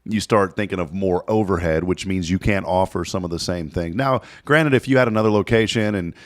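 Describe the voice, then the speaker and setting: Guy hosting a morning show, low voice, jokey and laughing a lot. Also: fairly quick, dry recording. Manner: laughs often, playful teasing, chatty. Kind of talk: casual chat.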